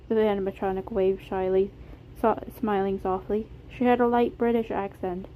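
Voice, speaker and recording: A woman reading her fan fiction story aloud in a steady, plain narration, recorded on a phone. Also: medium pitch, normal speed, narrow, tinny audio, slight background noise.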